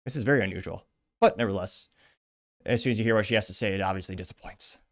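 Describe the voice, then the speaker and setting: A man's voice: on the low side, very fast. A man hosting a commentary podcast, reading out news and comments with sarcastic, wry asides. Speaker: podcast host.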